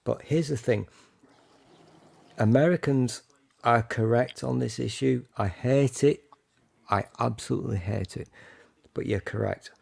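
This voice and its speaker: A man's voice: medium pitch, a little slow, creaky, long pauses, darkish tone, breathy edge. A British man hosting a livestream chat, talking in a dry, grumbling, mock-exasperated way. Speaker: streamer host. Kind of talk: casual group chat on a livestream.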